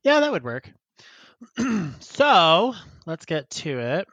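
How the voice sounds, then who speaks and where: A man's voice: on the high side, huge pitch swings, takes it slowly, a bit bright, dry recording, highs cut off. A man co-hosting a casual podcast, who laughs often and rambles while he reads listener emails and chats. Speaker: podcast co-host.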